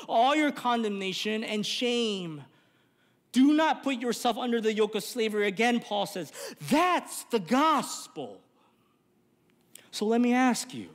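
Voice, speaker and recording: A man preaching a sermon as pastor in a church, earnest and rising to impassioned appeals. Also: extremely high pitch. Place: church sanctuary. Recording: reverberant church hall.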